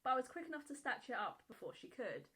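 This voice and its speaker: A woman's voice: high voice, very animated, quick pace, bright, forceful tone, poor audio. A woman reading a Reddit post aloud and reacting to it bluntly, with frequent swearing and laughter. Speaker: YouTube reaction creator.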